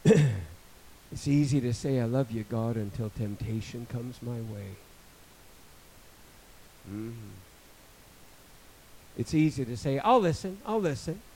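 A man in his fifties preaching a sermon, rambling with joking asides and building to loud, emphatic passages. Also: mid-range voice, slow, pauses often, poor audio. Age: 50s.

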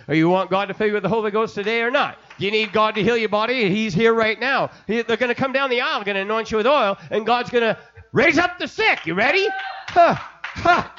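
A man preaching an impassioned sermon, building from quiet storytelling to shouting. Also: sits high, lo-fi sound. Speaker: pastor.

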